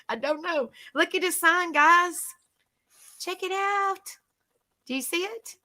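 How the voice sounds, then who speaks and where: A woman's voice: very high-pitched, slow, sharp tone. A woman hosting a live stream, chatting casually with her panel, repeating herself and laughing easily.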